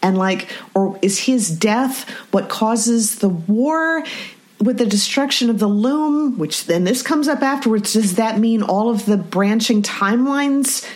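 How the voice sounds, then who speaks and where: A woman co-hosting a podcast, chatting through an episode recap and acting out quoted lines with animated shifts in voice. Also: on the high side, a little slow. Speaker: podcast co-host. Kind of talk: casual recap chat.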